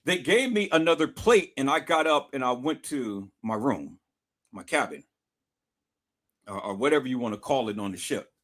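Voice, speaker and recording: With a medium-pitched voice at moderate speed, this young vlogger recounts a story for his viewers, swearing freely. He stays casual but animated, leaning on emphasis and repeated phrases.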